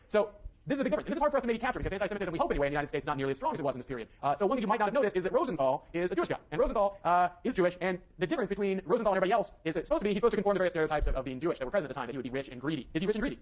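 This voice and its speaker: A man's voice: high-pitched, animated, very fast. A young man giving a university lecture in a conversational way, with fillers and restarts. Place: lecture hall.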